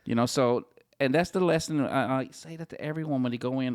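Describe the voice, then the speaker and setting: A man's voice: mid-range voice, quick pace, hardly any pauses, a little mellow, clear, resonant tone, no room sound, clean studio sound. A man talking as a podcast guest, earnest and encouraging, repeating his points for emphasis. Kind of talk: casual conversation.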